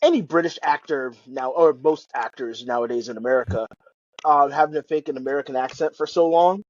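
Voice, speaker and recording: A man's voice: medium pitch, fairly quick, dull audio. A married man co-hosting a podcast in casual chat, swearing and filling with ums and likes. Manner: swearing, filler-heavy rambling. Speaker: podcast co-host.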